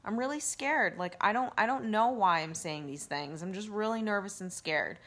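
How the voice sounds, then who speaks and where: A woman life coach giving casual self-help advice to camera, earnest and gently coaching, with lots of fillers. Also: mid-range voice, lively intonation, moderate pace. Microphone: handheld phone camera.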